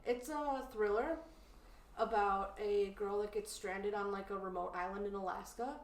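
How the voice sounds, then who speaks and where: Animated woman co-host, roomy off-mic sound. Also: mid-range voice, normal speed, recorded from a distance. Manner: animated, indignant storytelling with many "like" fillers. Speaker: podcast co-host. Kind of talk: casual chat.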